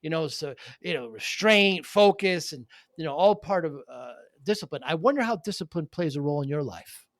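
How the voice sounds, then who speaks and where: A man's voice: on the high side, lively intonation, normal speed, few pauses, fairly bright tone, no room sound, clean studio sound. A middle-aged man co-hosting a casual talk, telling rambling stories and laughing often. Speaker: podcast co-host, business owner. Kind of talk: casual conversation.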